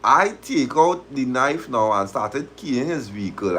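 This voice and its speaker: Male streamer, husky voice, lively pitch, reads aloud and riffs on the story. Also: measured pace. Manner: animated, dialect-heavy, laughs at the story. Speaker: host of a live talk stream. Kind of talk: reading a story aloud and reacting, casual.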